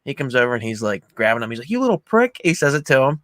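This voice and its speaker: A man hosting a casual movie chat, retelling scenes with lots of swearing and excited quoted lines. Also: mid-range voice, rapid-fire, no echo. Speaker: podcast host.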